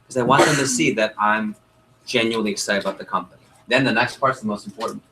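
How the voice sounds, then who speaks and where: A man whose voice sits on the low side talks quickly as he leads sales training for a group. Animated, he role-plays lines to customers and asks the audience questions, though the audio is poor with a faint hiss or hum.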